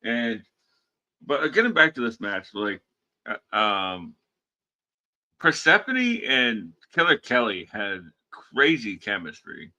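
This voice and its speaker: A man co-hosting a wrestling podcast, chatting in a relaxed, halting way with lots of fillers. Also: medium pitch. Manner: relaxed, halting, many fillers, laughs along. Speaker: podcast co-host. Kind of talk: casual wrestling chat.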